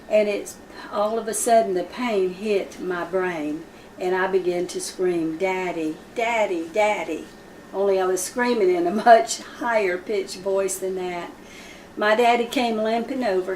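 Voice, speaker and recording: A woman's voice: medium pitch, a little mellow, a little hiss or hum. A woman teaching a Bible study, telling a personal story vividly and acting out the voices of the people in it. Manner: vivid, acts out quoted speech. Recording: roomy sound from a distant mic.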